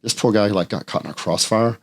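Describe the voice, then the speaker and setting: A man, a podcast guest telling blunt, profane stories in casual chat. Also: lowish voice. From Texas. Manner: blunt, profane, fast anecdotes. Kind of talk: casual storytelling.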